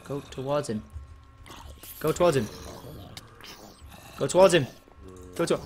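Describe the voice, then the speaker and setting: A man's voice: on the high side, measured pace, darkish tone, slight background noise. A man giving casual commentary while playing a game, joking around and slipping into mock gangster talk. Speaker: gaming YouTuber.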